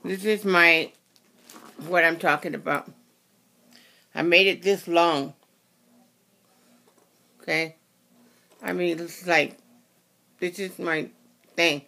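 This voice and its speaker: Craft tutorial host, casual and rambling, apologetic, unhurried pace, bright tense tone. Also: medium pitch, fairly even intonation, creaky. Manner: rambling, self-correcting, apologetic. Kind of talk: casual how-to demonstration.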